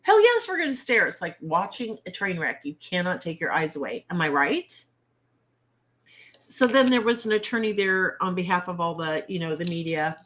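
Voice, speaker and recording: A woman hosting a casual livestream chat from home. Her voice sits fairly low for a woman, and she speaks bluntly with a salty, exasperated humor. She is picked up on a simple webcam mic. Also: animated, normal speed, fairly bright tone. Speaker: livestream host.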